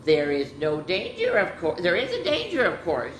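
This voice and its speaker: A woman's voice: on the low side, wildly swooping pitch, moderate pace, echoey room, slight background noise. A woman voicing a blunt, matter-of-fact male grassland animal in a storybook reading.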